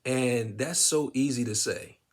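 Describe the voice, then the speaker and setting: Husky man telling a story casually. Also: medium pitch, a little slow. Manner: relaxed, many fillers, acts out quotes. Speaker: vlogger sharing a personal story.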